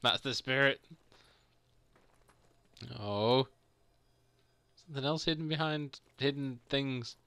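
A man's voice: mid-range voice, slow pace, long pauses, sharp tone, clean tone. A young man casually commentating a let's play, playfully echoing game lines and yelping at enemies. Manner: playful, mimics game voices and exclaims. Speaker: streamer.

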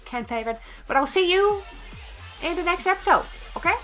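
A woman's voice: extremely high pitch, lively intonation, brisk, music in the background. A woman hosting a reaction video, chatting casually, giggling often and swearing freely, sounding a little stuffed up. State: feels congested, ears popped.

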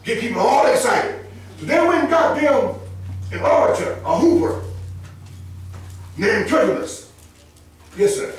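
A man preaching a sermon, emphatic and animated, often rising into shouts and chuckling between points. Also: extremely high pitch, measured pace, pauses often, slight background noise. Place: church sanctuary. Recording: echoey church from far off.

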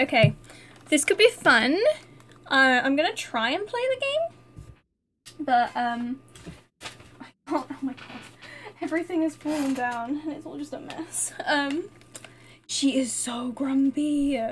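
A woman's voice: high voice, a bit bright, slight background noise. A woman streaming a game live from her home desk, chatting, laughing often, and cooing at her cat. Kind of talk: live gameplay commentary.

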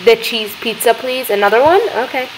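A young woman hosting a gaming video, chattering excitedly as she plays and talking to the characters on screen. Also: on the high side, a little fast, noisy background. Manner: excitable, gasping, talks to game characters. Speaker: gaming channel host. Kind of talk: let's-play commentary.

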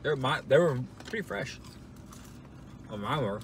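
A man's voice: mid-range voice, expressive, unhurried, a little hiss or hum. A young man co-hosting a casual food review in a parked car, easygoing and rambling, often laughing. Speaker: podcast co-host doing a food review. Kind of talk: casual chat while eating.

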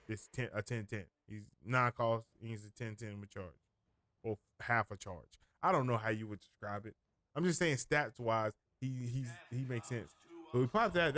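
A man's voice: medium pitch, fairly bright tone. A man giving casual gameplay commentary as a streamer, thinking aloud, rambling and often correcting himself mid-sentence.

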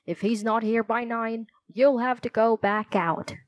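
A woman's voice: on the high side, fairly even intonation, unhurried, dry recording, studio quality, natural voice. A woman voicing a practical, matter-of-fact male stage manager. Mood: steady.

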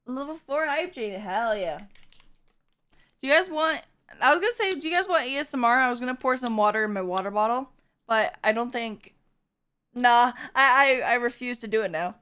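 A woman's voice: on the high side, expressive, normal speed, pushed and bright, smooth. A woman streamer chatting with her viewers, bubbly as she reads and thanks the chat.

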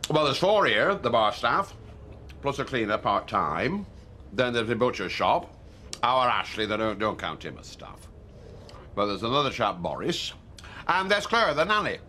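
Brief: older pub landlord, pompous and flowery, very lively pitch. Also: male voice, normal speed, a little hiss or hum. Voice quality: grandiose, repetitive phrasing. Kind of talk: TV soap drama acting.

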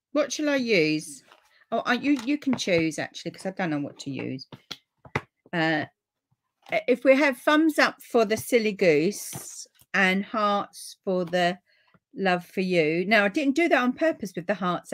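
Slow-talking British woman, chatty crafter. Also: medium pitch, sing-song, a little hiss or hum. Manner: chatty and easily delighted, with frequent gasps and laughs. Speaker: papercraft live stream host. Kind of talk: chatty live craft stream, reading out viewer comments.

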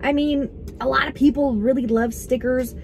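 A woman's voice: high voice, fairly even intonation, moderate pace, a little hiss or hum. A young woman vlogging from inside her parked car, chatting casually in a rambling, giggly way that startles easily. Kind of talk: casual vlog chat.

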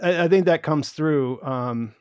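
A man's voice: on the high side, unhurried, a little mellow, no echo, studio quality. A man hosting a casual discussion, rambling, with many restarts and fillers. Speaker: host.

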